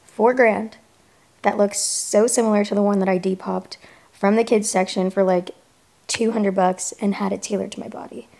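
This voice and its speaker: A woman's voice: medium pitch, level tone, normal speed, vocal fry, dark tone, reverberant. A young woman in her twenties vlogging in casual, frank chat to camera, with lots of "like". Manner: chatty, frank, says "like" often.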